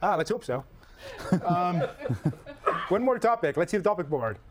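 Playful male host for a casual comedy chat; animated and slightly high. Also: unhurried, noisy background. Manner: playful, teasing, rambling. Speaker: podcast host.

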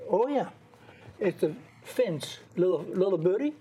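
A man's voice: sits high, animated, unhurried, mellow, slightly rough. An older man from the Netherlands with a Dutch accent, a guest chatting in a rambling, storytelling way. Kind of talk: casual chat.

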